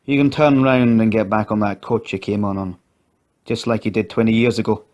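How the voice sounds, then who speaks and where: A man reading an audio story, voicing a hostile, hot-tempered brother who talks loud and threatening. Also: lowish voice, fairly even intonation, fairly quick, natural voice.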